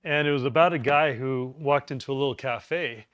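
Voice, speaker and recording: A man's voice: medium pitch, moderate pace, a bit bright, smooth, dry recording, highs cut off. A man giving a live class presentation on preparedness, chatty and joking, with rambling asides. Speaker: preparedness course instructor. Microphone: lapel mic.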